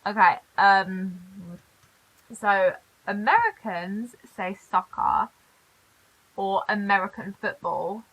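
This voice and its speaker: A young British woman casually reacting on camera to things she reads aloud, chatting with quick asides. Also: mid-range voice, animated, highs cut off. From Britain. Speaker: reaction vlogger.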